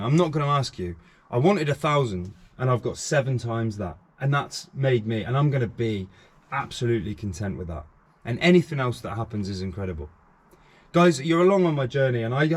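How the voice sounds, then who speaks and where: A middle-aged man talking frankly and earnestly to camera on his own vlog, repeating phrases for emphasis. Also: mid-range voice. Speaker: YouTube channel host.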